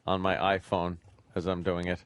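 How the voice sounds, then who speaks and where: A man's voice: low-pitched, monotone, moderate pace, clear, resonant tone, dry recording. A man hosting a talk radio show, joking and laughing along as he riffs on crude stories. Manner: laughing, joking cohost who riffs on the story. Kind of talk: casual comic banter on talk radio.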